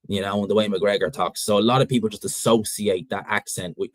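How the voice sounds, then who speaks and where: A man's voice: lowish voice, steady tone, fast talker, few pauses, no room sound, low-quality recording. A man with a North Dublin Irish accent, hosting a boxing channel and chatting casually through viewer questions with frank opinions. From Ireland. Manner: frank and opinionated, rambling with restarts.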